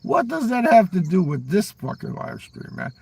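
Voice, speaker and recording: A man's voice: sits high, sing-song, moderate pace, gravelly, darkish tone, slightly rough. An older man rambling on a live stream, swearing constantly, ending his lines with "man" and talking back to chat viewers. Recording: voice a little far from the mic.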